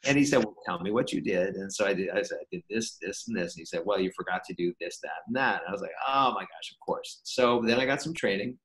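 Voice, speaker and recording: Man, lowish voice, podcast guest, animated anecdote, acts out quotes. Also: fast, hardly any pauses, low-quality recording. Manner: animated storyteller acting out quoted dialogue. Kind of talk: casual interview storytelling.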